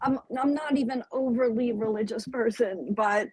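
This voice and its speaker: A woman's voice: fairly high pitch, moderate pace, hardly any pauses, breathy edge, dry recording, rough recording. Tearful emotional woman co-host. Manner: emotional, tearful, calls others hon. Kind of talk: casual livestream chat.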